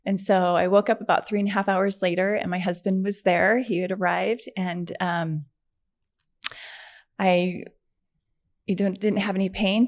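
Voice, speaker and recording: A middle-aged woman, a podcast guest, telling a personal story in a chatty, animated way, with many fillers and frequent laughs. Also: fairly low pitch. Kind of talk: conversational storytelling.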